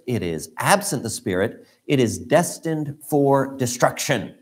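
A man's voice: medium pitch, a little mellow. A man teaching a church Sunday school lesson, earnest and emphatic, posing rhetorical questions to his class.

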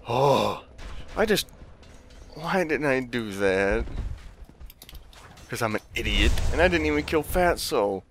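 A man's voice: medium pitch, expressive, slow pace, long pauses, a bit bright, a little hiss or hum. A young man commentating his own gameplay, trash-talking enemies with lots of swearing and breaking into sudden yelps of alarm. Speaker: let's play host.

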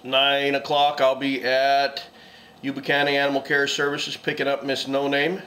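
A man's voice: mid-range voice, completely flat delivery, normal speed, sharp tone, a little hiss or hum. A middle-aged man in a casual morning vlog at home, speaking affectionately to his rescue dogs in baby-talk. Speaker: dog rescue operator.

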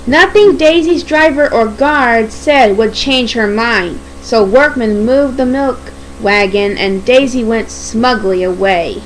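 Female storybook narrator, high and unhurried, expressive read-aloud. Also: slight background noise, poor audio. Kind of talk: storybook reading.

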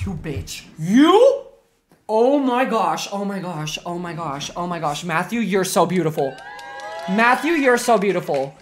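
A woman streaming a game live, reacting loudly and dramatically with shrieks and swearing while chatting with viewers and thanking subscribers. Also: fairly low pitch, animated, moderate pace, slight background noise.

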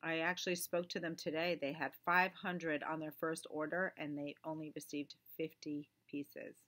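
A woman's voice: deep voice, level tone, normal speed, a bit bright. A woman co-hosting a knitting shop video, chatting casually and finishing her partner's sentences. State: talking around candy in her mouth. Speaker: yarn shop co-host. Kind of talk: casual chat.

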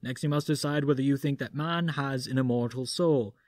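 A man voicing a gentle young male philosopher who speaks with an accent. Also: a little high, very animated, normal speed, dry recording, clean studio sound, voice pushed up.

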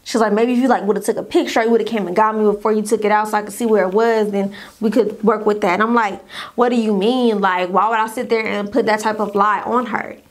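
A young woman telling a casual story-time tale, acting out what other people said in an animated way. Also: medium pitch, a little fast.

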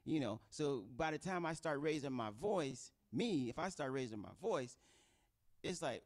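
A middle-aged man delivers a relaxed, conversational sermon. His pitch swings up and down a lot, and he slips into quoted voices to make a point. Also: a little slow, pauses often. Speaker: pastor. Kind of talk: informal sermon teaching.

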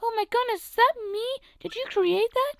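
A woman doing a gentle young princess with a very high, bright, sweet voice. She speaks dreamily in a video game dub. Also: normal speed, vocal fry, full character voice. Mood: flustered.

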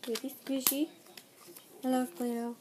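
A woman's voice: high-pitched, flat delivery, unhurried, noisy background. A teenage girl vlogger chatting casually through an unboxing, bubbly and gushing, giggling often. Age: teens.

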